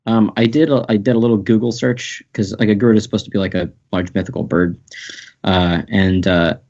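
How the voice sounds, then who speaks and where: A man's voice: lowish voice, steady tone, brisk, darkish tone. A man co-hosting a podcast in casual chat, hesitant and full of ums and restarts. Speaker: podcast co-host. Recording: muffled lo-fi recording.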